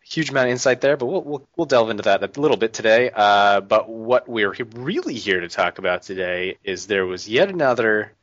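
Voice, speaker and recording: A man's voice: fairly low pitch, lively intonation, brisk, hardly any pauses, fairly bright tone, no echo. A man hosting a casual podcast, a little sick, rambling with plenty of fillers and restarts. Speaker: podcast host. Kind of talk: casual chat. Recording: dull lo-fi, dry.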